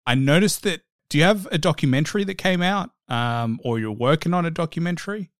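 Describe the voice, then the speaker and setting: A man hosting a casual interview, relaxed and agreeable, often saying "like" and "you know". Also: a little high, brisk, no echo, clean studio sound. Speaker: podcast host.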